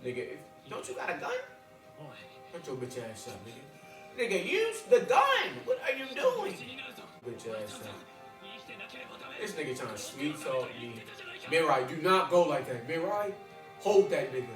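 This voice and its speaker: A man reacting live to an episode, with loud excited outbursts and heavy profane slang. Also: medium pitch, normal speed, pauses often. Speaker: reaction video host. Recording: roomy, distant mic, show audio behind. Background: episode audio and music playing.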